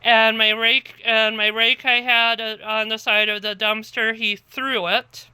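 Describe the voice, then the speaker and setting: A woman telling a story to the camera in a calm, rambling way that circles back and repeats itself. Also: a little high, unhurried, clear, resonant tone, dry recording. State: tired, half asleep. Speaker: vlogger.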